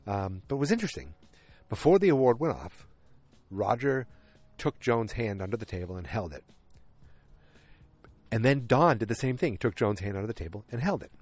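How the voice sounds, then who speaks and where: A man's voice: on the low side, very animated, normal speed, pauses often, a little mellow, no echo. A man chatting casually outdoors on a windy evening, rambling through a recap of a TV episode and acting out the characters' lines as he goes.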